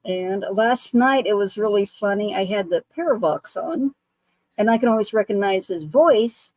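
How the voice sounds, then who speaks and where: A woman's voice: mid-range voice, animated, moderate pace, a little mellow, no echo, poor audio. Earnest woman with a dry close sound. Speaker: psychic medium guest. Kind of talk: casual storytelling chat.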